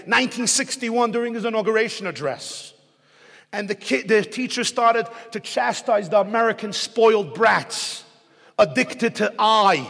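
A man, a rabbi, giving a sermon full of jokes and stories, rising to loud emphatic peaks. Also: very high-pitched, gravelly. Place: synagogue hall. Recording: echoey hall recording.

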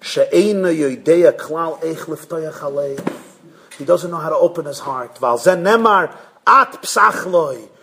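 A man, a rabbi, giving a sermon in an animated storytelling way, acting out voices and jokes along the way. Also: fairly high pitch, unhurried, vocal fry, slight background noise. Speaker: rabbi giving a Torah class.

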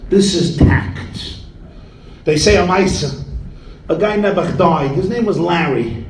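Man, rabbi, high voice, humorous sermon, storytelling with Yiddish words, roomy hall, faint noise. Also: moderate pace.

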